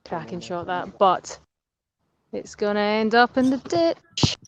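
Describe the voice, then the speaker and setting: A woman's voice: medium pitch, expressive, takes it slowly. A woman commentating live outdoors on a golf course, chatty and jokey as she banters with players. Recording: dull lo-fi outdoor recording.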